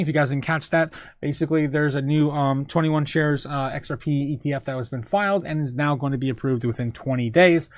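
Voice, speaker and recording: A man hosting a casual livestream, reading news and chatting with viewers, full of fillers and quick laughs. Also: fairly high pitch, a little mellow, no echo. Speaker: crypto show host.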